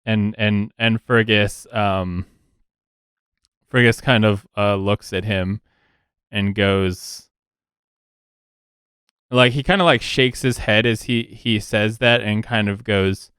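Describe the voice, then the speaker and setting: A male podcast host narrating his character in a tabletop game, halting and full of fillers. His voice is low and slow, recorded close and dry. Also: a bit bright, clean tone, dry recording.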